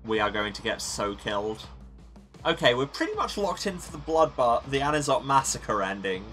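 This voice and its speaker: A man's voice: mid-range voice, big pitch swings, normal speed, a bit bright, soft background music. A man hosting a let's play, reading story text aloud and musing on his choices with wry humor. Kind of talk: reading game text and commenting.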